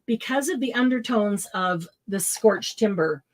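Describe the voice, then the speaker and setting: A woman's voice: medium pitch, animated, measured pace, slight background noise, rough recording. Chatty woman hosting a live craft sale. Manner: chatty, laughs often, lists product colors. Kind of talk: casual live sale chat.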